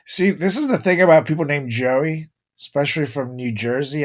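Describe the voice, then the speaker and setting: A man's voice: on the high side, normal speed, few pauses. A man co-hosting a comedy podcast, bantering crudely, laughing often and swearing freely. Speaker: podcast co-host.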